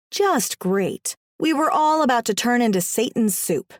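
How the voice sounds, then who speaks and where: A woman narrating a first-person audiobook in a wry, comic, expressive way. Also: on the high side, a little slow, no room sound, clean studio sound.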